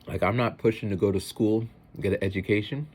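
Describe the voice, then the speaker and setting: A man who teaches, chatting in a rambling, animated way in a casual vlog. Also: lowish voice, quick pace, husky.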